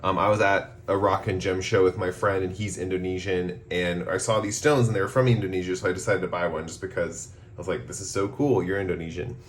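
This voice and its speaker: A man with a hoarse voice after a cough, giving a relaxed, rambling tarot reading with many pauses and ums. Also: low-pitched, slight background noise. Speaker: tarot reader. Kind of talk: casual pick-a-card tarot reading.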